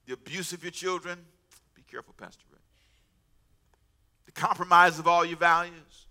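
Bright, animated male preacher. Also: high voice, normal speed. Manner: animated, humorous preaching with asides and laughter. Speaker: pastor. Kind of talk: sermon.

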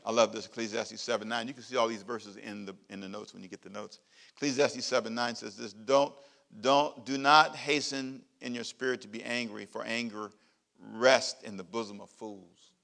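A middle-aged man, a pastor, preaching a sermon with emphatic repeated phrases and big swings in loudness. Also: medium pitch, fairly even intonation, normal speed, vocal fry.

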